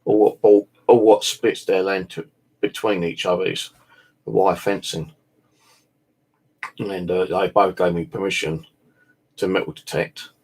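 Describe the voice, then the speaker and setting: A man's voice: low voice, fairly even intonation, unhurried, long pauses, a little mellow, slightly rough. A tired man, chatting casually and rambling, swearing now and then. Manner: meandering, full of "you know" and "like", swears casually. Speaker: bushcraft vlogger.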